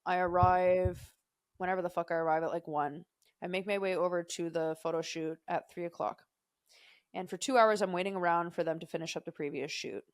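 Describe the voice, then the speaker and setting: Low-voiced woman telling profane stories. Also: steady tone, brisk, no echo, studio quality. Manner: rambling, profane storytelling with digressions. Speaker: podcast co-host. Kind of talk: casual chat.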